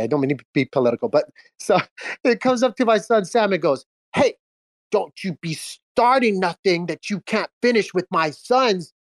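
A man in his thirties with a high-sitting voice, recorded dry, hosts a casual chat on a live audio space. Unwell with a cold and a bit under the weather, he tells a rambling story full of restarts and laughs.

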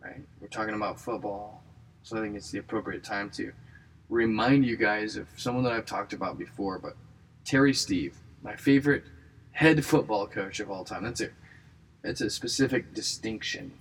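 A man's voice: lowish voice, moderate pace, slightly rough, recorded from a distance, poor audio. A man in his thirties hosting a comedy podcast, rambling casually with wry, self-mocking asides.

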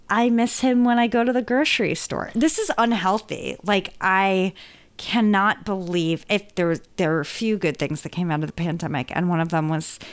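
Woman guest, lowish voice, rambling and self-mocking in casual interview chat. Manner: chatty, self-deprecating, rambling. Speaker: podcast guest.

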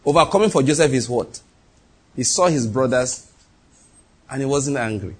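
A man preaching a sermon, animated and husky, acting out voices in the quoted dialogue and dropping from loud to hushed. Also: mid-range voice, normal speed.

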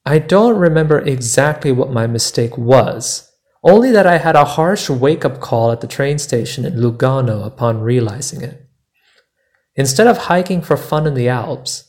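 A man tells his own travel story on his podcast, taking his time with every line. His delivery is measured and deliberate, at a mid pitch, shaped like a prepared narration. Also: darkish tone. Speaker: podcast host.

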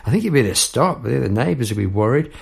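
A man voicing his startled male flatmate, exclaiming in a raised put-on voice. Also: mid-range voice, brisk, creaky, husky, voice pushed up. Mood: alarmed.

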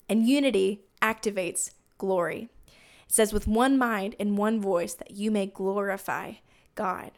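A young woman hosting a faith podcast, telling a family story in an earnest, heartfelt and casual way. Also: fairly high pitch. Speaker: podcast host in ministry.

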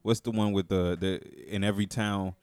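A man from Miami, a music producer guest, talking in a low-key, modest, rambling way. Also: little pitch movement, moderate pace, darkish tone, clear, resonant tone, dry recording, studio quality. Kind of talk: casual podcast chat.

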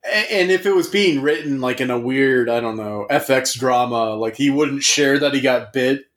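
A man's voice: medium pitch, normal speed, a bit bright. A man co-hosting a casual comedic chat, talking in a playful, rambling way with many restarts. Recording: echoey room.

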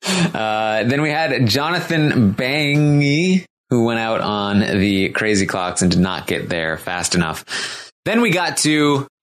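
Rambling low-voiced man recapping casually. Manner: rambling, frequent ums and restarts; slows down to announce each competitor. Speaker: podcast co-host recapping episodes. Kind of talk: casual chat.

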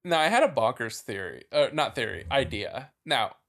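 Man, podcast co-host, gravelly voice with an animated pitch and a rambling, laughing delivery. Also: normal speed. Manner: chatty, laughing, trailing off with fillers. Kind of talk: casual chat.

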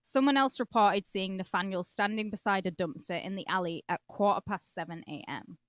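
A woman's voice: medium pitch, brisk, a bit bright, no room sound. A woman co-hosting a true-crime podcast, talking casually and swearing freely. She moves between reading case notes and telling loose stories. Her voice sits close and dry against the mic. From England (Cumbria). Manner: chatty and profane, drifts between reading and joking. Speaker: podcast co-host.

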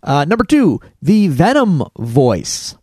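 A man co-hosting a podcast, talking in a rambling, animated way with many restarts. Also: fairly high pitch, takes it slowly, slightly rough, dry recording. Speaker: podcast co-host. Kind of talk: casual chat.

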